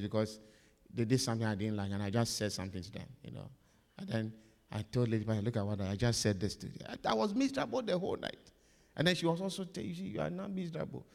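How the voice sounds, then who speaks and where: A male pastor preaches with a fairly high voice that leaps up and down. He repeats key phrases and swings between loud emphasis and hushed asides. His words ring out in a long, echoing church hall. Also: creaky. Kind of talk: sermon.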